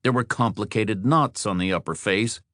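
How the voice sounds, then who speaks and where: Low-voiced male audiobook narrator. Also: normal speed, fairly bright tone, dry recording, clean studio sound. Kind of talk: scripted narration.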